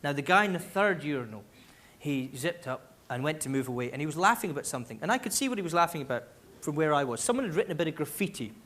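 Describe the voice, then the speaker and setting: A Scottish man doing live stand-up comedy on a concert hall stage, telling stories in an animated way with quick asides. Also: a little high. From Scotland. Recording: live theatre recording, loud crowd laughter.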